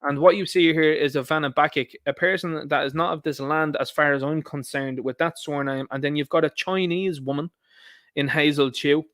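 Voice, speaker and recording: A man rants through a solo political commentary, combative and quick to swear. His voice sits fairly high, and the sound is dry and close. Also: steady tone, a bit bright, no echo.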